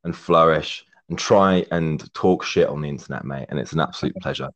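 A young man with a very low voice chats as a podcast guest. He rambles with plenty of fillers and swears heavily, saying mate every few lines. His delivery is effusive and openly affectionate toward his host. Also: a little fast, fairly bright tone, lo-fi sound. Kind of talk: casual chat. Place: remote call, living in Germany.

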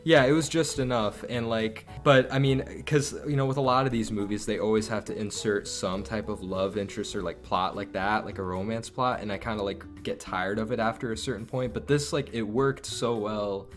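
A young man with a slightly low voice talks through a casual podcast chat, rambling enthusiastically and piling up fillers as he goes. A faint bed of music sits under his voice. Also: steady tone, normal speed, hardly any pauses. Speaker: podcast co-host.

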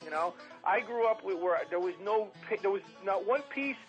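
A man telling long, profane comic stories in a rambling, animated way, often mimicking other people. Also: high-pitched, fairly quick, dull audio, faint music behind. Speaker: storytelling podcast guest.

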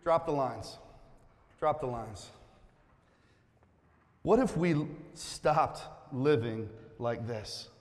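Speaking very slowly and pausing often, a pastor with a mid-range voice delivers a sermon under long hall reverb in the sanctuary. He playfully gets the congregation to take part, then becomes earnest and quiet.

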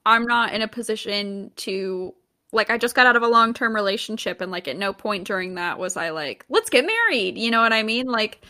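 A woman's voice: mid-range voice, a little fast, sharp tone. A young woman co-hosting a casual podcast, chatty and filling her talk with "like". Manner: chatty, peppered with "like". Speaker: podcast co-host.

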